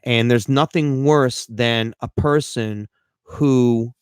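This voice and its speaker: A man hosting a live podcast as a life coach, talking in an animated, rambling way with self-deprecating humor and frequent restarts. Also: mid-range voice, slow, smooth, dry recording, studio quality.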